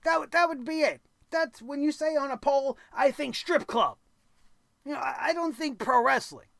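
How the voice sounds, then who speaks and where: A man's voice: very high-pitched, moderate pace, creaky, fairly bright tone, dry recording. A man reviewing a wrestling show in a blunt, crude, exasperated rant full of sarcastic asides. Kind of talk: opinionated recap rant.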